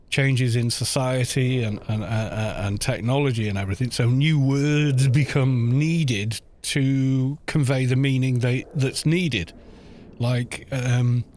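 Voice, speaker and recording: A man's voice: mid-range voice, a little mellow, a little hiss or hum. A man chatting casually while streaming a game, musing aloud with plenty of fillers.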